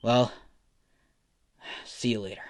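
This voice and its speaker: A man voicing a hot-headed, rude teenage boy who talks gruffly and swears. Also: mid-range voice, fairly even intonation, slow, natural voice.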